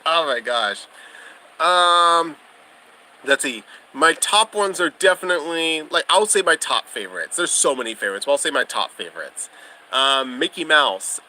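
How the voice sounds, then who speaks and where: A man's voice: a little high, lively intonation, normal speed, sharp tone, poor audio. A young man hosting a casual livestream, chatting with viewers in a bubbly, gushing way and laughing often. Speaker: livestream host.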